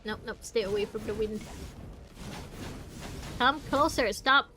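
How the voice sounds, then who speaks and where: A woman streamer giving live commentary while playing a game, reacting out loud and reading the story text aloud. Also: mid-range voice, fairly even intonation, a little fast, a little hiss or hum. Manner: reactive, exclaims and groans at the game. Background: faint game music.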